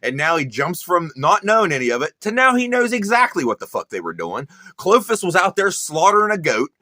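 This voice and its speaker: Podcast host, male, profane mocking rant, bright edge, close and dry. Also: high-pitched, very animated, fairly quick, dry recording. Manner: crude, sneering, heavy swearing. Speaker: podcast host reacting to a sermon clip.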